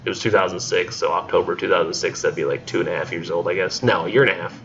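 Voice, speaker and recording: A man's voice: sits low, fast, creaky, fairly bright tone, highs cut off, slight background noise. A man teaching a class in a casual, rambling way with many fillers. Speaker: instructor.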